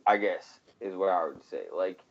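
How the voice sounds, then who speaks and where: Low-voiced man ranting casually, lo-fi. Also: moderate pace. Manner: profane, ranting, laughs often. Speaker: podcast co-host. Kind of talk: casual chat.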